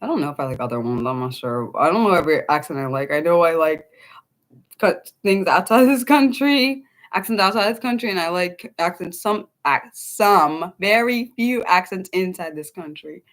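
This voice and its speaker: A woman's voice: lowish voice, expressive, normal speed. A young woman from the United States hosting an unscripted livestream, rambling casually to her chat with many ums and restarts. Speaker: livestream host.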